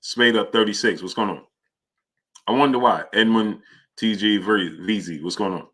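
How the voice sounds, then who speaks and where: Bright-voiced New livestream host. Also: male voice, on the low side, moderate pace. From New York. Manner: greets viewers by name, reads super chats aloud. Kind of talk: casual livestream chat.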